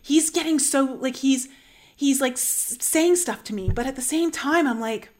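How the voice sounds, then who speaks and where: A young woman with a bright, high voice tells a deeply personal story in an earnest, animated way. She leans on casual fillers and lets her emotion show as she talks. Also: normal speed. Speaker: channel host sharing a personal story.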